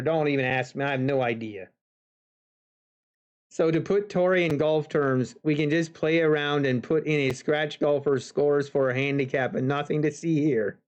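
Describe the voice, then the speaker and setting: A man's voice: a little high, highs cut off. A man live-streaming futures trading, chatting casually with viewers and talking to the market. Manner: talks to the market and chat, drawn-out pauses.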